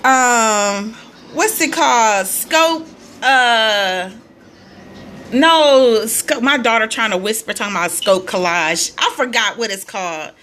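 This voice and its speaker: A woman's voice: fairly high pitch, slow, a bit bright, a little hiss or hum. A woman coaching on weight loss, chatting casually on a live stream from her phone and greeting her viewers by name with sing-song hellos.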